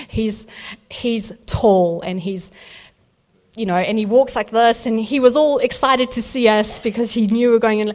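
Animated woman telling a birth story. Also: fairly high pitch. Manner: animated storytelling, acts out voices. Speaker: speaker sharing a birth testimony. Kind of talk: testimony talk at a church event.

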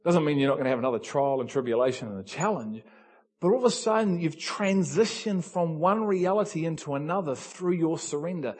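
A man preaching a sermon, swinging between hushed lines and loud cries and acting out little dialogues. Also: on the high side, fairly quick.

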